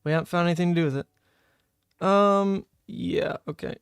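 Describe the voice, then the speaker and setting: A man's voice: sits high, steady tone, normal speed, creaky, slight background noise. A young man from New Orleans, streaming a card game and chatting casually with viewers as he thinks through his plays aloud. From New Orleans, Louisiana, USA. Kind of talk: casual live-stream commentary.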